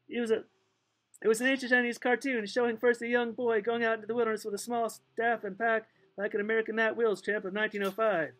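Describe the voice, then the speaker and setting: A man's voice: extremely high pitch, level tone, fairly quick, a bit bright, poor audio. A man reading a novel aloud in a loose, playful way, stumbling now and then and making asides. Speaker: audiobook reader. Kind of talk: casual read-aloud narration.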